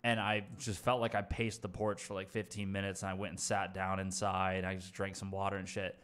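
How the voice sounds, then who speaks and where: A young man with a fairly low voice tells a rambling story in loose, casual chat. He swears often, restarts his sentences and laughs at his own misadventure. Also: flat delivery, a little fast, fairly bright tone, clear, resonant tone. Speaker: streamer telling a story.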